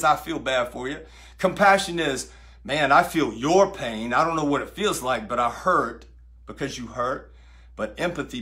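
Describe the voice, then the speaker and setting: Middle-aged guy giving a fired-up motivational talk, kinda high voice, goes loud then real quiet, repeats stuff like a preacher. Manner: preacher-like, repeats phrases, swings from loud to hushed. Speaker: speaker.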